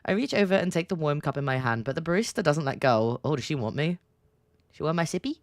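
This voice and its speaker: Low, lively-voiced woman streamer, playful and giggly. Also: fast talker, no echo. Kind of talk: casual commentary while reading a game aloud.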